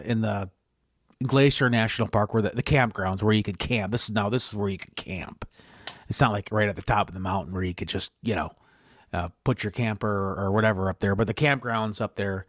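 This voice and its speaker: A man's voice: on the low side, no echo, clean studio sound. Rambling man telling a tale. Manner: rambling, often correcting himself. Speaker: podcast host. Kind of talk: improvised podcast storytelling.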